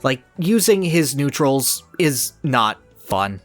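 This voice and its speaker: A man's voice: medium pitch, sing-song, slow, no room sound, faint music behind. A man co-hosting a casual podcast, giving passionate, analytical opinions in long, flowing runs. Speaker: podcast co-host. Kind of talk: casual game discussion.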